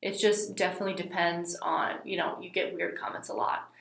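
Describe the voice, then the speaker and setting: A woman's voice: on the low side, a little fast, gravelly. Easygoing young woman guest. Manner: relaxed, easygoing, lots of "like" and "you know". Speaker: guest, YouTuber. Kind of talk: casual interview chat. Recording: roomy echo.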